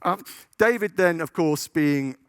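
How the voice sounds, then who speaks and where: A man's voice: on the high side, a little slow, smooth, no echo, studio quality. A man giving a conference talk, chatty and joking, checking in with the audience. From United Kingdom. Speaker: conference speaker. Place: conference hall stage.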